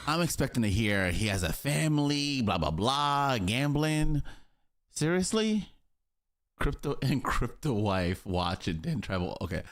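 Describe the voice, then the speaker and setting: A fairly low-voiced man breaks in with blunt, sarcastic asides while he reacts live to a video. His tone stays dry and unimpressed. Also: expressive, unhurried, hardly any pauses, a bit bright. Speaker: reaction streamer.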